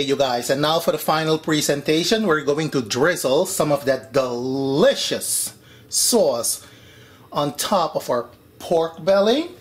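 A man hosting his own home cooking vlog from his kitchen, flamboyant and sassy, calling viewers "honey" and "baby" and breaking into frank rants. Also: on the high side. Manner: frank, ranty asides to viewers. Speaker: home cooking show host. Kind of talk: casual cooking vlog to camera.

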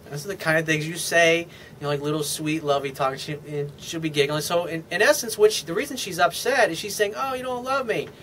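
A man's voice: on the high side, fast, a bit bright, a little hiss or hum. A man giving blunt, casual dating advice as a coach, with profane, dismissive asides.

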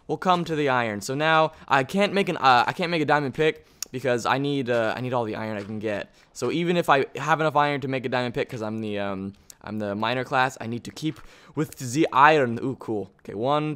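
A man hosting a gaming video, giving excitable commentary on his play and chatting to the objects around him. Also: mid-range voice, fairly quick, clear, resonant tone. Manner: excitable, talks to objects in the game. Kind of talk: gameplay commentary.

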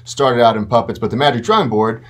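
A man's voice: mid-range voice, fast talker, fairly bright tone. A man with a mid-range voice joins the interview as a company team member. He chimes in supportively and sums things up for listeners. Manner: supportive, chiming in. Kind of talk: casual interview chat.

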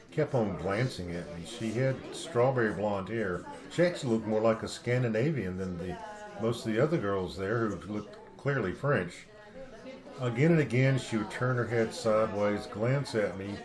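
A man in his seventies from the Southeastern United States, reflectively narrating a personal memoir in an unhurried storytelling way. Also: on the low side.

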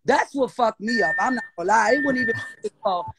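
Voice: medium pitch, animated, fast talker, gravelly, very noisy. A guest with a New Orleans accent ranting on a live stream, profane, defiant and mocking, repeating insults. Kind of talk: heated live-stream rant.

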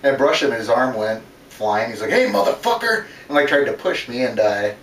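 A man's voice: mid-range voice, brisk, fairly bright tone, a little hiss or hum. Profane, rambling man telling fight stories. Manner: profane, laughing, rambling with many fillers. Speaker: interview guest. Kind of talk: casual storytelling. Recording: roomy, distant mic with faint ambience.

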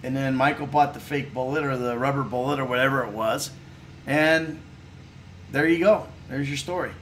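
A man's voice: medium pitch, moderate pace, a little hiss or hum. A middle-aged man casually chatting while playing a video game on stream, reading viewer comments and joking around. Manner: laid-back, chatty, laughs and swears freely. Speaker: actor streaming a game playthrough.

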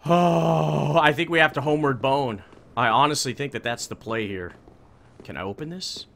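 A young man streaming a game live, swearing a lot, yelling in panic and talking to his viewers as bros. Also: fairly high pitch, fairly even intonation, normal speed, gravelly. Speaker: gameplay streamer. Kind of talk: live gameplay commentary.

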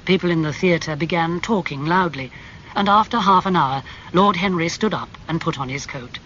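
A man narrating a classic novel as an audiobook, in a clear, measured storytelling manner. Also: fairly high pitch, bright, forceful tone. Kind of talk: audiobook reading of a graded classic. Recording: slightly muffled with faint hum.

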